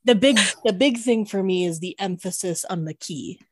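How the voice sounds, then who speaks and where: A woman's voice: medium pitch, moderate pace, a little mellow, no room sound, clean studio sound. A woman co-hosting a podcast in casual chat, earnestly explaining her point, a little hesitant at times. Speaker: podcast co-host.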